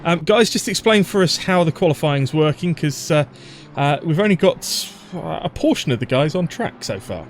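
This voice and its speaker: A man's voice: on the high side, lively intonation, normal speed, slight background noise. A man hosting a live race stream, reading out viewer messages and tossing questions to co-hosts, upbeat with frequent fillers. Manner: upbeat, reads out viewer chat, hesitant fillers. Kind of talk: casual live-stream commentary chat.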